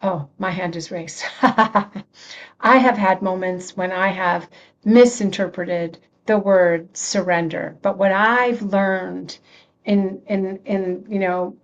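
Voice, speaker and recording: A woman reverend leads an online prayer circle in an unhurried, chatty way, often restarting her phrases. She answers viewers' comments as she talks. The audio is muffled, with the dull lo-fi sound of a web stream. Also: mid-range voice, gravelly. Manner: conversational, repeats and restarts phrases, laughs often; reads and answers chat comments. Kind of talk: informal spiritual talk.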